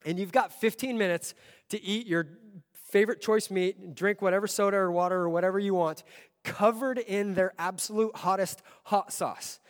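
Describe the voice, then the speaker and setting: A man preaching a sermon as pastor, telling a story with a voice that swells from quiet to loud. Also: sits high, steady tone, normal speed. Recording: long hall reverb.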